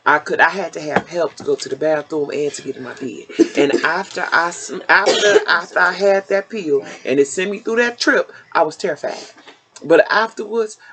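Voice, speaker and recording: A woman, chatting casually as host and telling a story with lively, animated delivery. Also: on the low side, normal speed. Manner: animated storytelling, bursts into sung lines. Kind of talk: casual chat.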